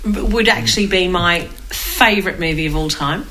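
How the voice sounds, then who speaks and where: A woman, co-hosting a podcast in casual movie chat, bubbly and quick to laugh. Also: lowish voice, bright, forceful tone, a little hiss or hum, low-quality recording. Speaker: podcast co-host.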